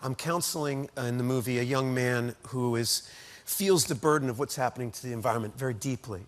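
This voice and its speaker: A man's voice: medium pitch, brisk. A middle-aged American man, an actor guest telling anecdotes in a chatty way, full of asides and repeated words. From United States. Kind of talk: animated anecdote telling in an interview.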